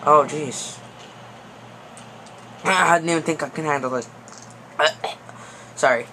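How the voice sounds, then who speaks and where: Young male gamer, higher voice, slow delivery, panicky outbursts, noisy background. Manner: excitable, panicky pleading and yelling at the game. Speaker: gaming video host. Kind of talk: gameplay commentary.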